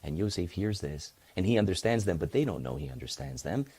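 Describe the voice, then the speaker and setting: A man teaching a casual Torah lesson, retelling the story in an animated, conversational way. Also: low-pitched, brisk, breathy edge.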